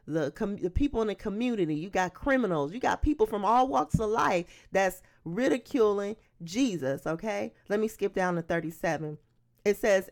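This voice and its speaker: A woman preacher delivering a sermon. She reads scripture aloud and then explains it in an emphatic, conversational way. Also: on the low side. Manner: animated, emphatic preaching that breaks into acted-out quotes.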